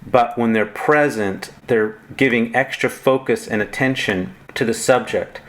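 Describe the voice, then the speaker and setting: A man teaching Greek grammar in a recorded lecture, methodical and reciting word forms one at a time. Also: fairly low pitch.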